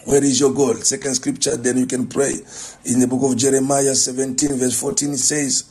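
A male pastor giving a morning sermon and prayer, slow and deliberate, repeating his phrases. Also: medium pitch, little pitch movement, a little mellow.

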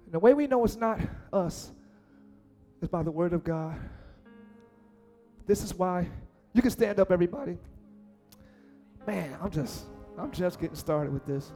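A man preaching a lively sermon as pastor, acting out voices and shouting lines for emphasis. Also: high voice, a little slow, pauses often, faint music behind.

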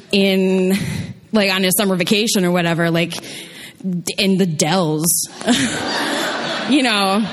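A young woman telling a personal story on stage, chatty and self-deprecating with many fillers. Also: medium pitch. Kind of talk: live storytelling.

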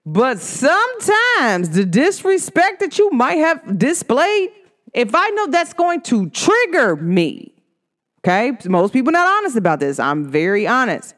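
A woman's voice: high voice, wildly swooping pitch, unhurried, fairly bright tone. A woman talking casually to the camera, blunt and emphatic, often acting out the voices of people she quotes. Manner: blunt and outspoken. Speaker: vlogger.

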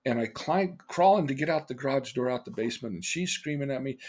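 Older male host, husky voice, earnest storyteller, mid pitch. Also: fast talker. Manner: earnest and emotional, voice swinging between loud and hushed. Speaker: podcast host. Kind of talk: personal storytelling.

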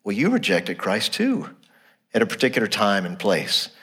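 A man preaching a sermon to his congregation in a church. He is animated, asks rhetorical questions and repeats his phrases. He drops to a low, quiet voice to stress a point. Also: normal speed, husky. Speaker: pastor.

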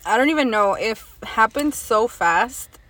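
Relaxed young woman. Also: a little high, unhurried, no echo. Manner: relaxed, explains background step by step. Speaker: podcast co-host. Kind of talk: casual chat.

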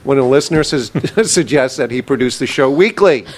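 A man's voice: mid-range voice, animated, fairly quick. Jokey male co-host reading a letter. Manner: jokey, stumbles over words. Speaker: podcast co-host. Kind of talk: reading a listener letter aloud.

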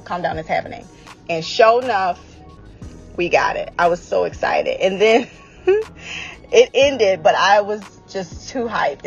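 Woman, chatty fan recap, excitable, lots of fillers, faint music behind. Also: medium pitch, highs cut off. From Washington state, US. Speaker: podcast co-host. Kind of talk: casual fan recap chat.

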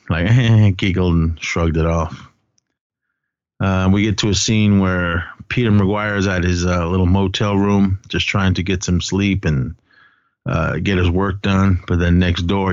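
A man's voice: sits low, fairly even intonation, measured pace, no echo, dull audio. A man co-hosting a casual film podcast, retelling a story in a rambling way with many fillers. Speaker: podcast co-host.

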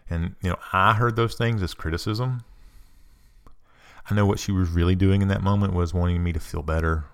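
Low gravelly-voiced man, earnest talk. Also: steady tone, brisk. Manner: earnest, confessional, repeats phrases. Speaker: speaker giving a spiritual self-help talk. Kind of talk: personal storytelling talk.

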